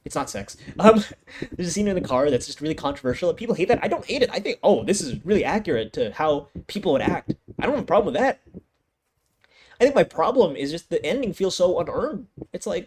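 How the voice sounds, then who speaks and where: A man's voice: fairly high pitch, sing-song, brisk. A young man reviewing anime in a casual, profane rant full of restarts and exasperated outbursts. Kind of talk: casual ranking commentary. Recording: noisy home recording.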